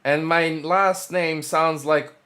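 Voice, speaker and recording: A man's voice: a little high, steady tone, bright, forceful tone, slight background noise. A man chatting casually and jokingly between voiced lines of a game. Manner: joking, slow and playful. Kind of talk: casual chat while voicing a game.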